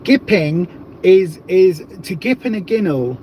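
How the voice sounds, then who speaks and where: High-voiced chatty man hosting a livestream. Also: animated, measured pace, mellow, slight background noise. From south of England. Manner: chatty, rambling, jokey. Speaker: livestream host. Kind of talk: casual livestream chat.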